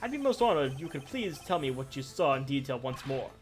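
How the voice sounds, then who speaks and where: A woman voicing a calm, self-assured male prosecutor, reading game dialogue aloud in a measured, formal way. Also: a bass voice, faint music behind. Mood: composed.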